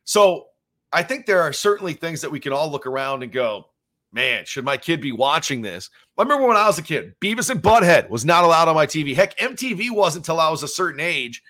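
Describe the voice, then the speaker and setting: A man's voice: on the high side, very animated, fast, pushed and bright. A man hosting a solo podcast, talking casually and rambling with plenty of fillers as he shares his reactions as a father. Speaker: podcast host.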